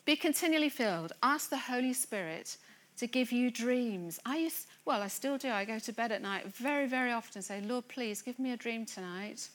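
A woman's voice: fairly high pitch, brisk, few pauses. Earnest woman preaching a sermon. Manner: earnest, rising to excited emphasis. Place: church gathering room.

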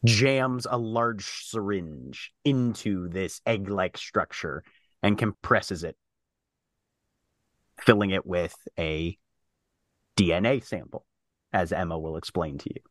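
Man, game master, slow deliberate narration, lowish voice, dry close sound, halting with fillers. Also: no echo.

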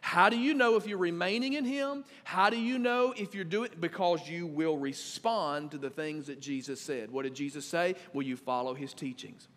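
Man pastor, animated sermon, high voice, long church-hall reverb. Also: normal speed, few pauses. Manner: animated and conversational, swings from loud to quiet. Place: church sanctuary.

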